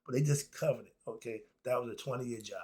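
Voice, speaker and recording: A man lecturing on history with passion and speaking. He swings between loud outbursts and low asides and laughs often. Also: quick pace, husky.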